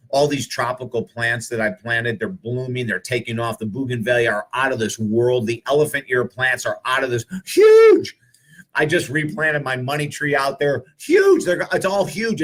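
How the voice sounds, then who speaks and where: A man who is an author and speaker, telling spiritual stories to live viewers in an earnest, animated way, full of rhetorical questions. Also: medium pitch.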